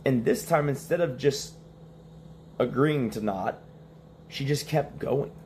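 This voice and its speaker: A man's voice: mid-range voice, takes it slowly, darkish tone, a little hiss or hum. A young man telling a story in casual stream talk, acting out the quoted lines and laughing between them.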